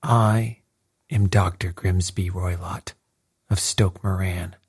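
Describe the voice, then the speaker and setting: A man voicing a fierce, furious old man who snarls and shouts, with a husky voice. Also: sits low, fairly even intonation, slow, dry recording, clean studio sound, exaggerated voice.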